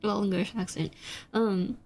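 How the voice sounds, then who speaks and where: Slow, rambling Korean-born woman streamer. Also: medium pitch, fairly even intonation, a little mellow. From South Korea. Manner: rambling, hesitant, many fillers and restarts. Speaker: VTuber streamer. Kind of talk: casual stream chat. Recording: faint background music.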